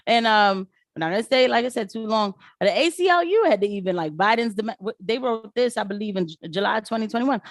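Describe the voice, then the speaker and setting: Animated woman ranting to her viewers. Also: mid-range voice, fairly quick, hardly any pauses, no room sound, clean studio sound. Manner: animated, talks back to viewers, mocks voices in quotes. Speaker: political commentary vlogger. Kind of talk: casual live-stream commentary.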